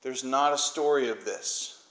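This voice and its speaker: A man preaching in a relaxed, conversational way, retelling a Bible story and acting out the lines of the people in it. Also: medium pitch, measured pace, reverberant, poor audio. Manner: conversational storytelling, acts out quoted voices. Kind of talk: informal Bible teaching.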